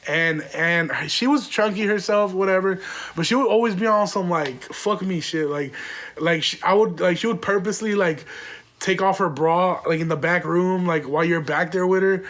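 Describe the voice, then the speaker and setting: High-voiced young man telling a story. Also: a bit bright. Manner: profane, rambling, laughing often. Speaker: podcast host. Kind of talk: casual storytelling.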